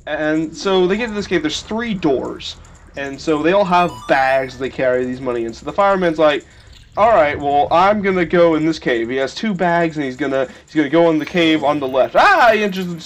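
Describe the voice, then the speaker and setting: Rambling, jokey young man with lively pitch. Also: brisk, slight background noise. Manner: rambling, jokey, excitable yelps. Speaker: let's play host. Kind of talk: casual gameplay commentary. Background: faint video game music.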